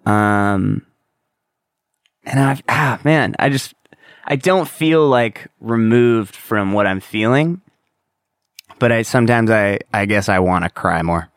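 A man's voice: lowish voice, takes it slowly, long pauses, clear, resonant tone, no echo, clean studio sound. A young man hosting a solo podcast, talking candidly and rambling, with casual swearing. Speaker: podcast host.

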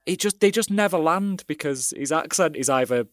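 A man with a slightly high voice gives blunt, teasing takes on a film. The sound is dry and close, with no room around it. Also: lively intonation, brisk, no echo. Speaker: podcast co-host. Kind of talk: casual film review chat.

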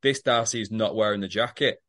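A man's voice: fairly low pitch, fairly quick, fairly bright tone. A man co-hosting a podcast, recapping a story with dry, wry asides and swearing. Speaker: podcast co-host. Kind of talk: casual comedic recap chat.

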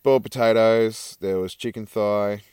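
A man's voice: fairly low pitch, steady tone, moderate pace, a little mellow, smooth, no room sound, studio quality. A man co-hosting a podcast outdoors at night, chatting in a laid-back, rambling way. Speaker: podcast co-host. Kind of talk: casual chat.

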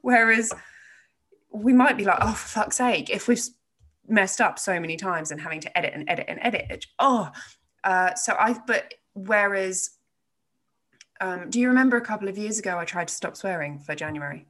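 A woman's voice: mid-range voice, lively intonation, normal speed, fairly bright tone. A woman who teaches yoga, co-hosting a casual chat, swearing freely and laughing often. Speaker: podcast co-host, yoga teacher.

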